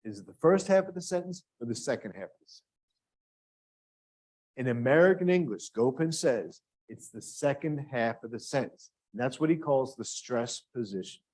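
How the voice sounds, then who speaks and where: A man's voice: medium pitch, animated, normal speed, darkish tone. A man teaching a grant writing workshop to a live room and online audience, asking questions and drawing the listeners in. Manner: engaging, asks the audience questions. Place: classroom with live and remote audience.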